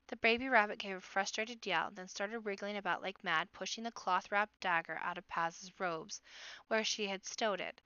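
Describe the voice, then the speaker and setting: A woman reading a children's novel aloud in an expressive storybook manner. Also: mid-range voice, moderate pace, smooth, no echo, muffled recording.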